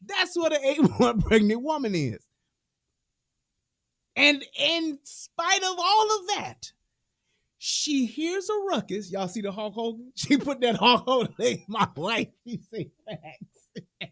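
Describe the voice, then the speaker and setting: High, lively woman ranting with laughter. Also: measured pace, no echo, clean studio sound. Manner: animated storytelling, swearing, laughing asides. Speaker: reaction commentator. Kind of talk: profane comedic reaction commentary.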